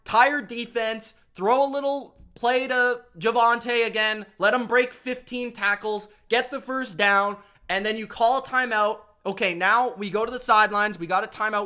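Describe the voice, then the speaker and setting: A young man ranting in an animated, exasperated way while recapping football games. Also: very high voice. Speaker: sports commentator.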